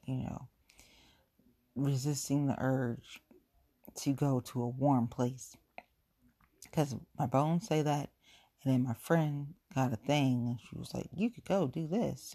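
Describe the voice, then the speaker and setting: A woman's voice: sits low, warm tone, slightly rough, no echo. A woman from chatting casually on her own show, rambling, repeating herself and speaking frankly. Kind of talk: casual solo chat.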